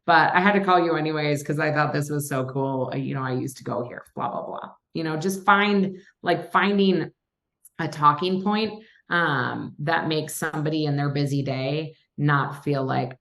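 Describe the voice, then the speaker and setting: Chatty low-voiced woman investor. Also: moderate pace, a bit bright. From Minnesota. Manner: chatty, storytelling, acts out quoted phone calls. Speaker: real estate investor guest. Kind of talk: casual podcast chat.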